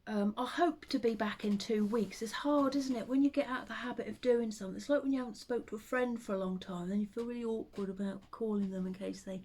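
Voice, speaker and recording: A woman chatting casually to camera at home, rambling with hesitant ums and soft under-breath asides. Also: a little high, fast talker, few pauses. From United Kingdom. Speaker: vlogger and full-time teddy bear maker.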